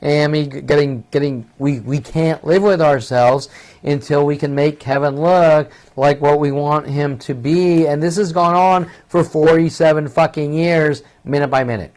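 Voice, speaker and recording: A man's voice: fairly high pitch, fairly even intonation, normal speed, darkish tone. A man in his fifties delivering an agitated, profane, rambling monologue that keeps circling back on itself. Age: 50s. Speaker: vlogger.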